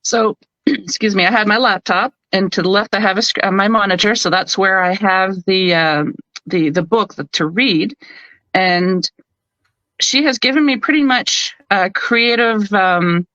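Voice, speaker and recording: A Canadian woman, an audiobook narrator, chatting as an interview guest and telling stories in a lively, animated way. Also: mid-range voice, unhurried, no echo, muffled recording. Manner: chatty, animated storyteller who acts out quotes. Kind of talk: casual interview chat.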